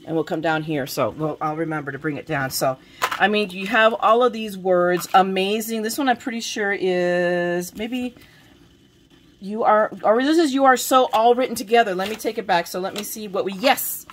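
A woman's voice: mid-range voice, moderate pace, a little hiss or hum. A woman vlogger chatting casually at home as she shows her new craft supplies, rambling and making fun of herself. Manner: chatty and self-deprecating, rambling with restarts.

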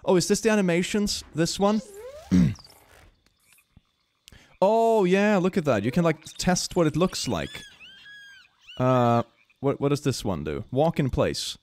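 Giggly, high-voiced man streaming a game. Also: unhurried, pauses often. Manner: giggly, excitable, breaks into high laughter; chatty, thinks aloud while playing. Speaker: gaming streamer. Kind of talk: live game commentary.

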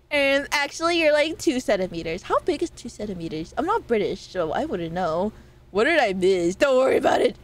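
A woman's voice: sits high, lively intonation, a little fast. A woman streamer chatting with her viewers in a playful, teasing way, often breaking into laughs. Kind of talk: casual live-stream chat.

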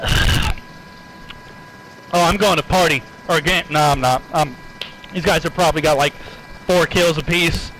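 Man, gamer, high voice, unhurried delivery, loud, swearing, live gameplay commentary. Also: soft background music, poor audio. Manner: loud, swearing, yelling in frustration. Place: apartment at home.

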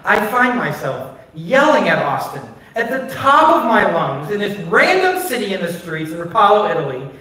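A man pastor with a fairly high voice tells personal stories from the pulpit in a candid, conversational way, leaning on casual filler words. He sounds far from the phone that records him, and the big sanctuary rings with heavy echo. A faint hiss of noise sits under the sound. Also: big pitch swings, normal speed, few pauses, pushed and bright. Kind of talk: personal storytelling sermon. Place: church sanctuary. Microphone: phone recording from a distance. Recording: distant, very echoey phone stream of a church.

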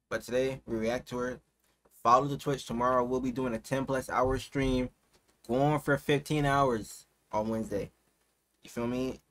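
A man hosting a reaction video, talking casually with lots of slang and swinging into loud, excited outbursts. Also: mid-range voice. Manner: slangy, keeps saying "you feel me".

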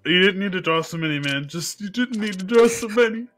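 Excitable teasing gamer guy. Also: high voice, a little fast, faint music behind. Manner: excitable, teasing, laughs often. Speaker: gaming channel host. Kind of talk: casual gameplay chat with friends.

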